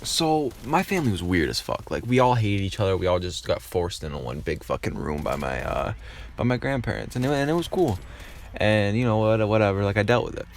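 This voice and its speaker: A man's voice: fairly low pitch, sing-song, brisk, a little hiss or hum. Rambling, profane man telling a story. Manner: rambling, profane, lots of filler. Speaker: YouTuber. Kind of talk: casual storytime vlog.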